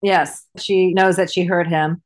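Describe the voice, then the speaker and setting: Lower-voiced woman, playful and enthusiastic. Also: little pitch movement, a little slow. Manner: enthusiastic, acts out quotes with playful pitch jumps. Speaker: podcast co-host. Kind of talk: casual chat about a TV series.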